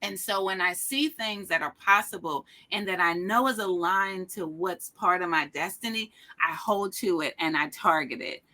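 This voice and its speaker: A middle-aged woman guest telling an inspirational personal story with an animated, emphatic, preacherly delivery. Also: fairly low pitch, normal speed, few pauses. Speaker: podcast guest.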